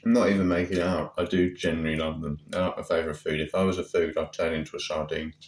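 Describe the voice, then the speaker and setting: Low-voiced man chatting outdoors. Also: little pitch movement, fast talker, poor audio. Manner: rambling, chatty, full of fillers. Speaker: vlogger. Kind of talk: casual vlog chat. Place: outdoors on a seaside promenade. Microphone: handheld phone. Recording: loud outdoor background noise.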